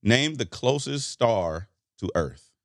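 A man hosting a podcast, casual and playful, teasing his guest with loud laughs. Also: medium pitch, expressive, slow pace, no room sound, clean studio sound. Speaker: podcast host. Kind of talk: casual interview chat.

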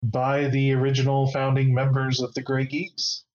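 A man voicing a calm, guarded woman guild master who bargains in a measured, deliberate way, on a slightly muffled recording. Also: mid-range voice, lightly acted.

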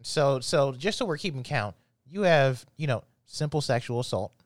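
Podcast co-host, male, deadpan humor, close dry recording. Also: mid-range voice, moderate pace, no room sound. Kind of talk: casual chat.

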